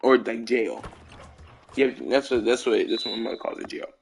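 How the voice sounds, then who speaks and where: A man's voice: medium pitch, fairly even intonation, moderate pace, a little hiss or hum. A man streaming a game who tells a childhood story in a rambling, slangy way, full of fillers and restarts. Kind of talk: casual storytelling while gaming.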